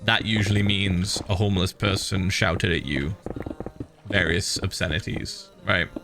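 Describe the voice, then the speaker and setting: A man chatting casually on a game stream, an animated storyteller who laughs often. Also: deep voice, unhurried, vocal fry, music in the background. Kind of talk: casual stream chat while gaming.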